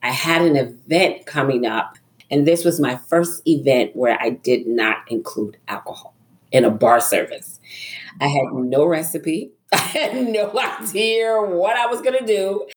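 A middle-aged woman, a guest author on a podcast, telling a personal story in a lively way, acting out her own thoughts and often laughing. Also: deep voice, measured pace.

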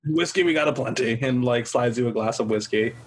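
Husky-voiced male game master. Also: mid-range voice, fairly quick. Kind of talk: narrating a tabletop game.

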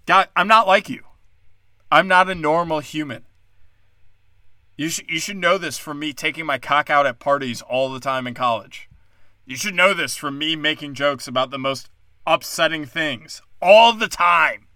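A man's voice: a little high, moderate pace, sharp tone, dry recording. A young man ranting in a combative, sarcastic monologue, cursing and mocking his critics. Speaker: comedian.

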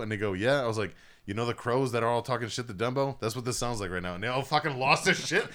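A man's voice: medium pitch, very fast, fairly bright tone. A young man hosting a casual podcast, telling a long, profane story with lots of laughing. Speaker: podcast host.

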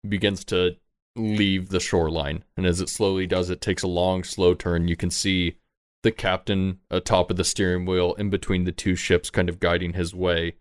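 A man's voice: sits low, level tone, normal speed, clean tone, no room sound, studio quality. A man running a tabletop game as game master, narrating in a loose, casual way.

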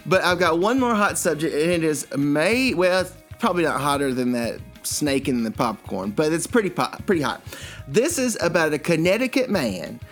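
A man's voice: fairly high pitch, big pitch swings, normal speed, a bit bright, faint music behind. Joking man co-hosting a comedy podcast. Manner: joking, rambling, crude. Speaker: podcast co-host. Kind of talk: comedic casual chat.

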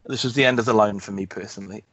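Sardonic man, halting, dry sound. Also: lowish voice, fairly even intonation, fairly bright tone, no room sound, muffled recording. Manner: halting, self-correcting, sardonic. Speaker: podcast co-host. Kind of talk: casual film review chat.

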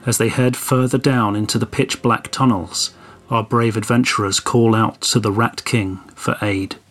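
Man with a head cold, measured storyteller recapping last session, faint music behind. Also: fairly low pitch, steady tone, a bit bright. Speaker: player giving the session recap. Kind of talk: dramatic recap narration.

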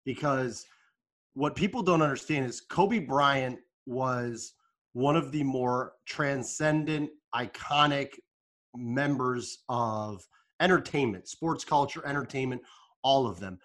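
A man's voice: mid-range voice, slow, a bit bright. A man from the United States co-hosting a sports podcast, talking casually and explaining at length with a joking streak. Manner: jokey, chatty, explains at length. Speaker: podcast co-host.

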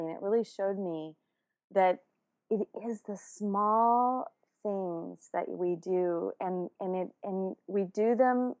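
A woman telling a personal story in a lively, chatty way. She talks in a mid-range voice, loose and full of fillers and false starts. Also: medium pitch. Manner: animated, many fillers and restarts.

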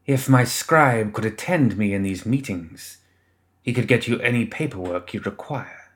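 This is a bitter secretary holding his temper, his replies clipped and cold, as a male narrator voices him. The voice sits low and controlled for a dark fantasy audiobook. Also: normal speed, close to an everyday voice. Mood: restrained. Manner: clipped, speaking through gritted teeth. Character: cold, resentful male secretary, tightly restrained. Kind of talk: audiobook character voice.

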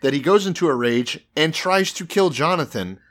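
A man's voice: on the high side, expressive, moderate pace, fairly bright tone. A man casually retelling a Bible story with profane, sarcastic humor as a podcast co-host.

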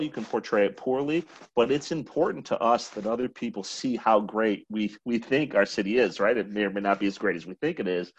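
Man with a low voice. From Chicago, United States. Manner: rambling, full of restarts and "like". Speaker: interview guest, actor. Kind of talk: casual interview conversation. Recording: dull, muffled lo-fi sound.

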